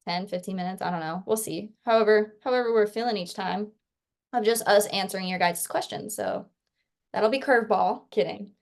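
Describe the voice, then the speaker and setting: A woman's voice: mid-range voice, normal speed. A young adult woman co-hosting a podcast in casual chat, chatty with lots of filler words. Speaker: podcast co-host.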